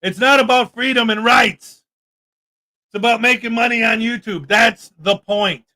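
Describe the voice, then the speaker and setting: A man with a strikingly high-pitched voice rants through his livestream. His tone is bright and cutting, sarcastic and indignant as he shoots back at comments from chat. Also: unhurried. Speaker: livestream host.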